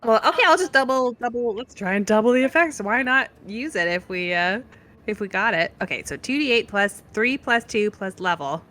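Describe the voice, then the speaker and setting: Bright, animated woman tabletop player. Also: fairly high pitch, brisk. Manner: chatty, giggly, thinks aloud with fillers. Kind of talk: casual tabletop play.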